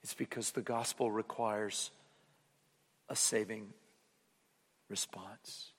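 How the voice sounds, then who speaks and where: A fairly high-voiced man preaching a sermon with big swings in force, pressing key words loudly and then letting phrases fall almost to a whisper. His voice rings out with a long reverb, as in a large hall. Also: measured pace. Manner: dynamic preaching, swinging from loud emphatic peaks to hushed low endings.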